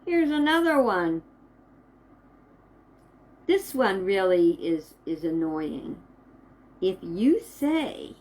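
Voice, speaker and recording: Woman minister, inspirational talk to camera, slow measured delivery, emphatic pauses. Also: mid-range voice, sing-song, darkish tone, rough recording.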